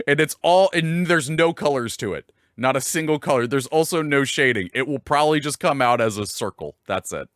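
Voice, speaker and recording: Male fill-in host, lively pitch, dry close sound, self-deprecating rambler. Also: moderate pace, dry recording. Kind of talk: casual live-stream chat.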